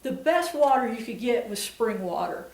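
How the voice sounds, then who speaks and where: A woman's voice: fairly high pitch, lively intonation, moderate pace, darkish tone, echoey room, distant mic, poor audio. A woman guest preacher giving a conversational sermon, retelling scripture in casual everyday voices.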